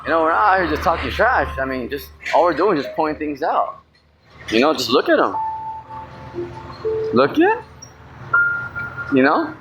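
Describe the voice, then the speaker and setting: A man's voice: on the high side, very animated, moderate pace, long pauses, over music, rough recording. A man preaching in a loose, slangy street style, full of fillers and mocking asides. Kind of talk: casual street-style sermon.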